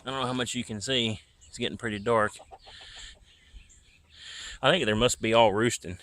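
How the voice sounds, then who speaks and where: On a nighttime walk, a man uses a handheld camera to show viewers his rural property outdoors in a laid-back, meandering vlog. His mid-range voice is steady and fairly bright, delivered at normal speed.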